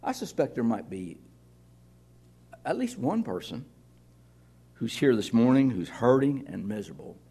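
A man's voice: medium pitch, very animated, measured pace, long pauses, warm tone, husky. A man preaching a sermon to his congregation in a conversational way, with sudden drops to near-whispers. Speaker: pastor.

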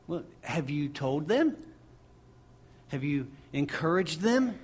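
Male preacher, husky and a touch high-pitched, delivers a sermon with driving repetition. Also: expressive, slow, long pauses.

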